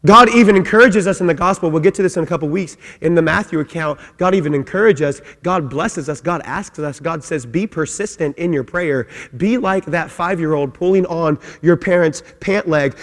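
A man preaching a sermon as pastor, emphatic, repeating his phrases and swinging between loud and soft. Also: a little high, moderate pace, hardly any pauses. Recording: long hall reverb.

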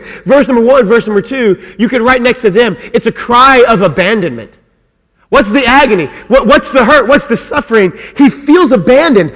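A man's voice: very high voice, lively intonation, moderate pace, fairly bright tone, big-room sound. A man preaching a sermon as pastor, earnest and repeating words as he builds his points. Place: church.

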